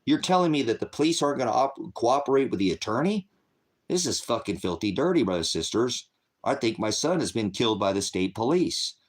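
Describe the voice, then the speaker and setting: A man's voice: mid-range voice, sing-song, brisk. Middle-aged man ranting angrily, heavy profanity. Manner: angry, profane, rambling and accusatory. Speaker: host of a faith channel. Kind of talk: livestream rant to viewers.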